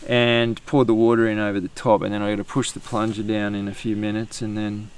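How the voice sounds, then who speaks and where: A man's voice: lowish voice, flat delivery, brisk, a little hiss or hum. An Australian man hosting an outdoor podcast, chatting casually and rambling with fillers and restarts. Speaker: podcast host.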